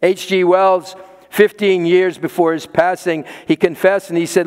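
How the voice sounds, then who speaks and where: A man's voice: high voice, level tone, a little slow, darkish tone, clear, resonant tone, big-room sound. A man preaching a sermon as pastor, emphatic, repeating words for stress and pressing his listeners with questions.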